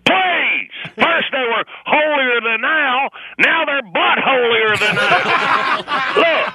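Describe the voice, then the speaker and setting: A man's voice: very high-pitched, expressive, slow pace, heavy background noise, exaggerated voice. A man playing a cranky, boastful commentator, ranting in a mock-indignant way and laughing at his own punchlines.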